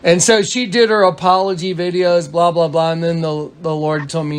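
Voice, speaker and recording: A man with a fairly high voice talks over a phone call in a loose, rambling flow. He keeps restarting his sentences and slips into quoted speech as he retells conversations. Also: steady tone, normal speed, hardly any pauses, background noise. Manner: rambling, many restarts and fillers. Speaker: caller recounting events.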